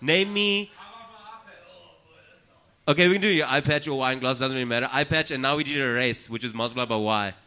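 A man's voice: medium pitch, brisk, long pauses, clean tone. A man, a comedian talking as a podcast guest in casual, profane, joking chat. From South Africa. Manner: profane, joking, animated storytelling.

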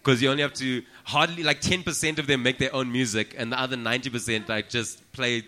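A man's voice: mid-range voice, fast talker. A man, a comedian talking as a podcast guest in casual, profane, joking chat. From South Africa. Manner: profane, joking, animated storytelling.

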